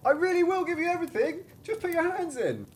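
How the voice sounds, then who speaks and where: A man's voice: very animated, fast talker. A tiny, cheeky boy. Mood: mischievous. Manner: shrill squeaky shouting.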